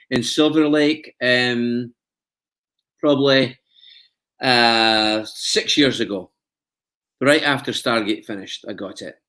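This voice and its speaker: Male actor guest, relaxed anecdote-teller with easy laughs, mid-pitched voice, casual interview delivery. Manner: chatty storyteller, laughs often.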